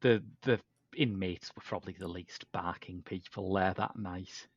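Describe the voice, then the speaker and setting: A man's voice: fairly even intonation, unhurried, no room sound. A man hosting a podcast, chatting casually about a film in an English way of speaking, with frequent restarts and asides. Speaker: podcast host. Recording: dull dry low-fidelity podcast audio.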